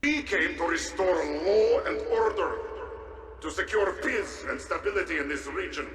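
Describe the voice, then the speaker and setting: Game villain colonel, exaggerated Russian accent, gloating, theatrical, distant, booming reverb. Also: male voice, normal speed. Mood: pompous. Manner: theatrical, gloating, mustache-twirling. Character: scheming male villain colonel, sneering and smug. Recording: echoey, distant game audio over loud music.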